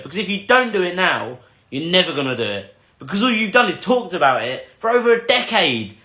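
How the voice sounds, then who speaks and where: A man's voice: on the high side, pushed and bright, echoey room. A man in his thirties telling a personal motivational story in an emphatic, earnest way, repeating phrases for effect. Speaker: motivational vlogger.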